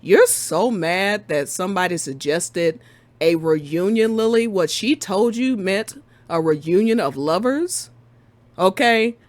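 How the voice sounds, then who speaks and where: Animated woman ranting about a game. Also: mid-range voice, takes it slowly, no echo. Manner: animated, exasperated ranting with laughs. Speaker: podcast co-host. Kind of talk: casual game discussion.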